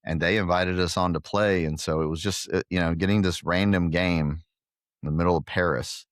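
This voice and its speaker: A man's voice: deep voice, steady tone, a little fast, dry recording, studio quality. A middle-aged man from Guatemala, a podcast guest, telling jokey, self-deprecating stories in a casual chat. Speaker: podcast guest, pickleball club owner.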